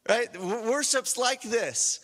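Male pastor, high voice, long hall reverb; dynamic sermon delivery, shouts down to whispers. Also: slow. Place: church.

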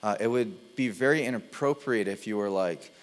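A man preaching a sermon, conversational and animated, sometimes slipping into playful impressions. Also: fairly low pitch, moderate pace. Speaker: pastor.

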